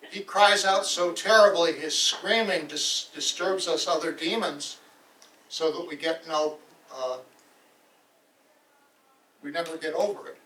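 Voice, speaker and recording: A man's voice: fairly high pitch, unhurried, long pauses, pushed and bright, distant mic. A man voicing a boastful male demon from hell who chats about its torments, heard from across a roomy hall.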